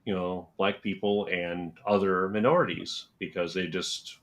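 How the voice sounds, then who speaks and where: Deep-voiced gruff middle-aged man. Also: fairly even intonation, unhurried, fairly bright tone. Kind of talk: casual chat.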